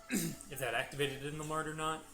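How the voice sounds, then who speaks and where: Over background music, a gaming channel host gives casual let's-play commentary while he plays a video game. His voice is fairly high and creaky, with fairly even intonation and a moderate pace. He's chatty, talking to the game and now and then turning aside to his baby.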